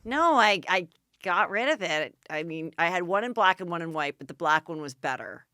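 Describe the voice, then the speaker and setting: A woman with a bright, smooth voice that sits slightly low asks a guest gossipy, probing questions. The sound is dry and close. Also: expressive, moderate pace, dry recording. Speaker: podcast host. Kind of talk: casual interview chat.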